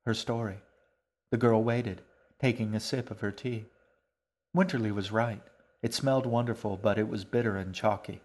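A man with a fairly low voice reads a children's storybook aloud in a calm, even way. His narration is steady and unhurried, the tone of someone reading a chapter at bedtime.

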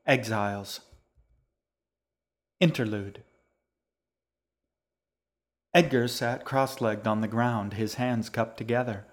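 A man reading his own novel aloud as the narrator, in slow, measured scripted narration. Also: mid-range voice. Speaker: author and narrator.

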